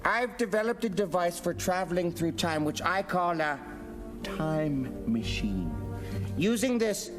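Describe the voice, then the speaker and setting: An actor playing a pompous, scheming male supervillain who speaks deadpan with theatrical pauses. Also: sits high. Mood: smug. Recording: film audio with reverb and music.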